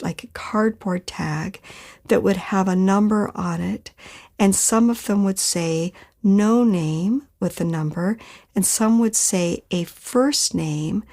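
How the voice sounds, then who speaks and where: A woman recounts her own experience in an unhurried, measured way, with many pauses between phrases. Her voice has a gravelly, creaky edge. Her pitch sits in a middle range for a woman. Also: darkish tone. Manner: slow, measured telling with pauses. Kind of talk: personal storytelling in a podcast.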